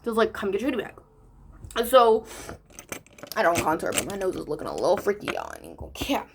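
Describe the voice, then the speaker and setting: A teenage girl telling a story in a chatty, animated way, with a lot of slang, while doing her makeup. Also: mid-range voice, brisk, background noise. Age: teens. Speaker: vlogger. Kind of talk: casual story time during a makeup tutorial.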